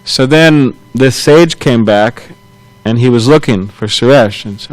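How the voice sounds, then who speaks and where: Casting note: a man leading a scripture class at mid pitch, easygoing and halting, chuckling as he retells a story. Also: low-quality recording. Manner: loose, halting retelling with chuckles and self-corrections. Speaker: temple class speaker.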